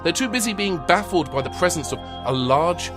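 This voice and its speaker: A man's voice: sits high, lively intonation, moderate pace, music in the background. A man running a tabletop game as game master, narrating in a dry, wry way with many fillers, recorded remotely. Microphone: remote home mic.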